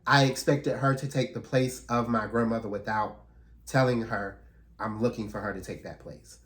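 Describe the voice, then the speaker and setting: A man's voice: medium pitch, fairly even intonation, normal speed, a bit bright. A man talking earnestly and reflectively in a casual, heartfelt conversation as a podcast co-host.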